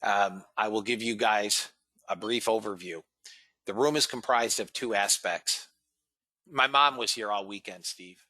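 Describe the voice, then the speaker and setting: Hosting a live trading room, a man with a low voice and a bright, forceful edge chats casually with viewers, calling them guys and fellas, and reads out trade figures. The recording is dry and close, with no room sound.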